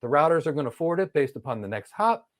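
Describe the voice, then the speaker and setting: A man teaching an online training lesson, explaining ideas through lively storytelling with acted-out dialogue. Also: fairly high pitch, quick pace. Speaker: instructor.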